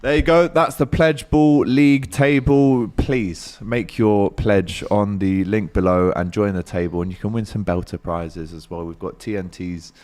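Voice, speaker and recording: A man hosts a casual live football stream in a lowish voice. He is laid-back and chatty, reads out viewer comments and drops in plenty of filler sounds. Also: fairly even intonation, normal speed, few pauses, darkish tone, faint music behind. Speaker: show host.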